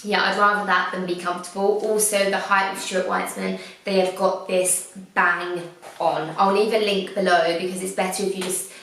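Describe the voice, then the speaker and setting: A woman's voice: mid-range voice, level tone, moderate pace, creaky, a bit bright, recorded from a distance. A woman, chatting enthusiastically through a fashion haul review, rambling with little restarts. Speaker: fashion vlogger. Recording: very echoey room, away from mic.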